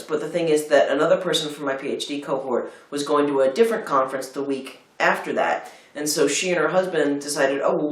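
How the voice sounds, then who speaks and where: Rambling storyteller in an echoey room. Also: male voice, on the high side. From United States (Philadelphia). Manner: rambling storyteller, acts out quotes. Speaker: film review co-host. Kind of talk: casual chat. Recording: roomy, distant mic.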